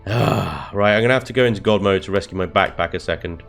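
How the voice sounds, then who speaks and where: A man's voice: low-pitched, fast talker, creaky, soft background music. A young man hosting a let's play, giving gameplay commentary and reacting with exasperated swearing and laughter at his own mishaps.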